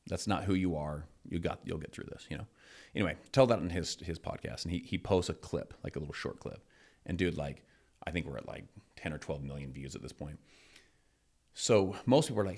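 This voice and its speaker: A middle-aged man hosting a podcast, chatting casually and telling stories with lively acted-out quotes. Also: low-pitched, quick pace, gravelly, breathy edge. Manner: energetic, acts out quoted voices in anecdotes. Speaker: podcast host. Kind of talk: casual chat, storytelling.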